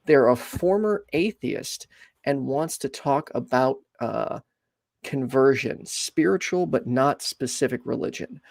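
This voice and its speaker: A man hosting a call-in show, talking in a relaxed, friendly way with many fillers. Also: medium pitch, measured pace, creaky, dry recording. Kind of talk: casual call-in talk.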